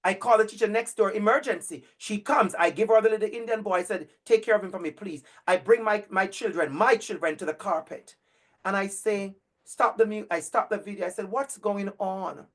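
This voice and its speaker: A man giving a talk as an educator, telling stories in an animated, emphatic way, repeating words for effect and acting out children's voices. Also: high voice, a little fast. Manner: emphatic repetition. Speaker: educator and speaker. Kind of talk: storytelling talk.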